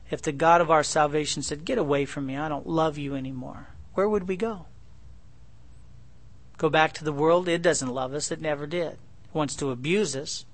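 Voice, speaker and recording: Middle-aged guy preaching a bible study, chatty and folksy, keeps asking "right? okay?", voice sits a bit high. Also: a bit bright. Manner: folksy, conversational, asks the listeners rhetorical questions. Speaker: pastor. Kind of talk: verse-by-verse Bible teaching.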